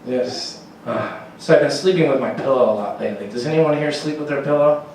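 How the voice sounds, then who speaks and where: A man's voice: medium pitch, brisk, darkish tone, slight background noise. A man doing a rambling, profane stand-up comedy set on a comedy club stage, laughing at his own jokes. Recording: very echoey room, distant mic, faint ambience.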